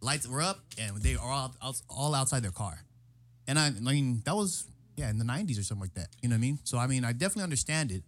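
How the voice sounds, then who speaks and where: Fast-talking man telling a rowdy story. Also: medium pitch, lively intonation. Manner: profane storytelling, acts out quotes loudly. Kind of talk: casual chat.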